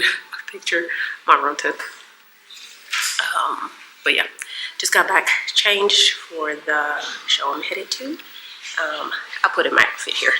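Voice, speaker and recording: A woman's voice: sits low, bright, forceful tone, roomy sound, a little hiss or hum, rough recording. A woman giving a casual fashion vlog update to the camera, chatty, with laughing asides. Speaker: fashion vlogger.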